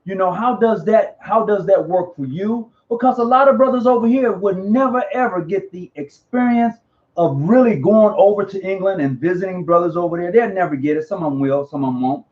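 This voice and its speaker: A man hosting a casual live online interview, talking in an animated, slangy way and often repeating himself. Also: sits high, brisk. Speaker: host. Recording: dull lo-fi audio.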